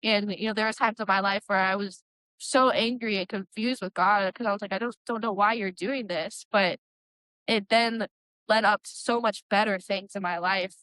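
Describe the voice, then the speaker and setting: A woman's voice: mid-range voice, fairly even intonation, moderate pace, a bit bright, smooth, dry recording, poor audio. A young woman, a Christian metal singer, telling her personal testimony in an earnest, rambling way, full of likes and you-knows.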